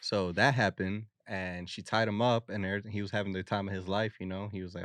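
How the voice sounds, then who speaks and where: A man's voice: low voice, flat delivery, quick pace, hardly any pauses, fairly bright tone, dry recording. A man co-hosting a podcast, recapping odd news stories in a loose, slangy way with lots of fillers. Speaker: podcast co-host. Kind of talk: casual chat.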